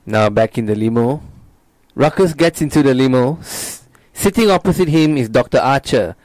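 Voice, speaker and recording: A man's voice: medium pitch, expressive, normal speed, darkish tone, low-quality recording. A man hosting a casual show, reading a screenplay's stage directions aloud. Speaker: host, script narrator.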